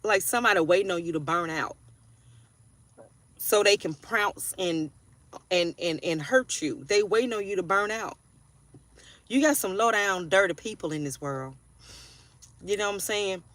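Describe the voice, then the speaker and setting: A woman's voice: mid-range voice, normal speed, pauses often, fairly bright tone, dry recording. A woman in her forties giving a casual tarot reading, blunt and profane, preaching and often asking if you hear her. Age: 40s. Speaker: tarot reader.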